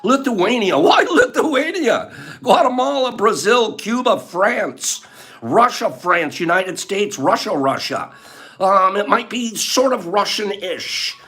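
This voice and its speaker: A man's voice: high voice, expressive, slow pace, a bit bright. An older man hosting a casual live chat, playful and joking, laughing often and reading out viewers' answers. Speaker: livestream host.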